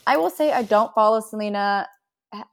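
A woman's voice: medium pitch, brisk. A young woman co-hosting a podcast, chatting casually and recapping celebrity gossip with quoted asides. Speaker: podcast co-host.

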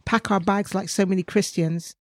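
A woman co-hosting a casual faith podcast, talking in a lively, animated way with frequent laughs. Her voice sits at an ordinary middle pitch. The recording is close and dry. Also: moderate pace, no room sound. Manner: lively, laughs often, jumps into animated asides. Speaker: podcast co-host.

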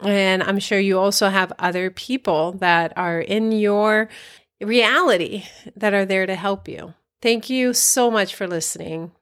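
A woman's voice: medium pitch, unhurried, a bit bright. A woman hosting a spiritual podcast, talking in an earnest, emphatic way and repeating phrases for emphasis. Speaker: podcast host and spiritual coach. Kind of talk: inspirational podcast monologue.

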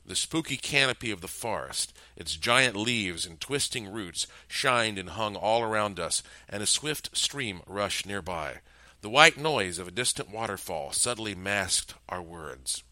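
A man narrating a first-person story in a lively, tense storytelling manner. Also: on the low side, unhurried, no room sound.

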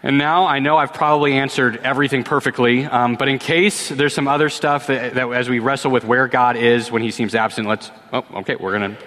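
Man, thirties, pastor, conversational, repeats starting words, mid-pitched, long church-hall reverb. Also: fairly bright tone. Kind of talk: sermon with Q&A. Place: church sanctuary.

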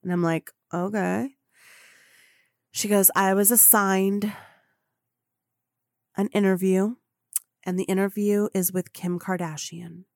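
A woman podcast host telling a story in an excitable way, acting out the voices of the people in it. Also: medium pitch, unhurried, pauses often, no room sound, clean studio sound. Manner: acts out quoted voices, excitable. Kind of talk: animated storytelling.

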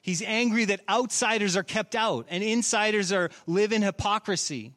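A man's voice: sits high, moderate pace, fairly bright tone. A middle-aged man, preaching a sermon in a church with earnest rhetorical questions. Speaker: pastor.

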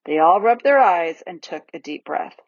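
A woman reading a children's novel aloud in a lively, expressive storybook narration, in a dull, dry recording. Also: fairly low pitch, moderate pace, breathy edge, no echo. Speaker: audiobook reader.

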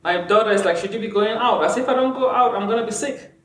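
A middle-aged woman, a clinician, telling her story in a casual chat, animated and laughing often as she acts out what people said. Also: mid-range voice, fast, echoey room, a little hiss or hum. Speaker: clinician guest. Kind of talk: casual conversation.

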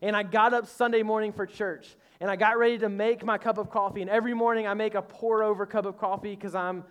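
A man's voice: high voice, little pitch movement, quick pace, clean tone. A male pastor giving a casual, conversational sermon. He speaks earnestly, slips in joking asides and calls on the congregation to respond.

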